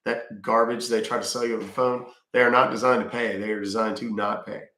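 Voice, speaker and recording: A man's voice: on the low side, fairly even intonation, quick pace, sharp tone, reverberant. A middle-aged man from Texas hosting a casual livestream, reading viewer questions aloud and answering bluntly with dry jokes. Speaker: livestream host answering chat.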